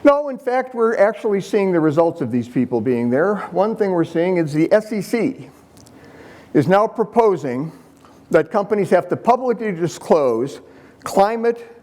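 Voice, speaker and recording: Conference speaker, male, older, a touch high-pitched, sarcastic and punchy with the crowd. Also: moderate pace. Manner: sarcastic, animated, punchy asides to the audience. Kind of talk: conference presentation with slides.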